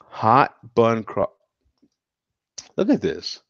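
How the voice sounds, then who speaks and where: A man from the United States hosting a casual chat show, reacting to viewer comments with frequent laughs and animated exclamations. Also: mid-range voice, drawn-out words, no room sound. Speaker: show host. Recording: dull, dry lo-fi sound.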